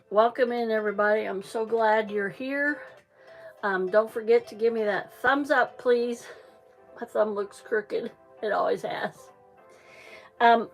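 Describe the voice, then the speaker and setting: Slow, chatty woman livestreaming from home. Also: mid-range voice. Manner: rambling, chatty, many ums and restarts. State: slightly out of breath. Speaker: livestream crafter. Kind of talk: casual livestream chat. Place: small trailer home.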